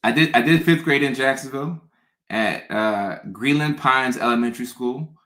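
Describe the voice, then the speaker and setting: A man's voice: medium pitch, moderate pace, fairly bright tone. Rambling man in a roomy echo. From Southern US. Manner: rambling, with frequent restarts and fillers. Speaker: content creator. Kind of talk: casual storytelling monologue.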